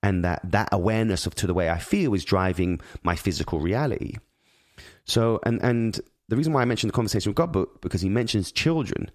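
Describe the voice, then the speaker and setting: A man's voice: fairly low pitch, brisk, a little mellow, no echo, clean studio sound. A father speaking in an earnest, reflective monologue on parenting, rambling with many restarts and repeated words.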